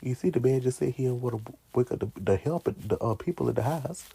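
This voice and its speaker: A man in his twenties chatting casually in a vlog, animated, talking back to characters and laughing often. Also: mid-range voice, quick pace, gravelly, slight background noise. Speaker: vlogger ranking favorite movies. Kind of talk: casual chat.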